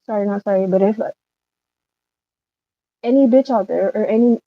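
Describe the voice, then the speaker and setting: A woman's voice: medium pitch, normal speed, dry recording. A woman livestreaming an emotional rant, upset and rambling, swearing often. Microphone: phone livestream. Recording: slightly dull lo-fi stream audio.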